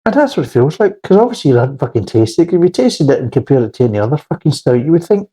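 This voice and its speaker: A man's voice: on the high side, very animated, fast talker, hardly any pauses, mellow, breathy edge, low-quality recording. A man giving a blunt, rambling, sweary beer review in a casual spoken style.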